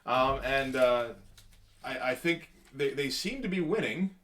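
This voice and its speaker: A man talks his way through a comic book, one page at a time. He speaks at an ordinary, middling pitch, stopping and restarting often and dropping dry, wry asides as he goes. The delivery is loose and unscripted, like a casual review. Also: lively intonation, a bit bright. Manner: rambling, halting, with many fillers and wry asides.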